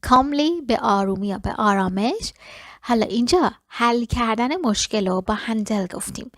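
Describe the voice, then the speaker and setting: Woman, English lesson, fairly high voice, slow deliberate repetition, dry close sound. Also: expressive, fairly bright tone, no echo. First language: Persian. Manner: repeats English phrases slowly and deliberately after quick explanations. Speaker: English teacher. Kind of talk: language lesson.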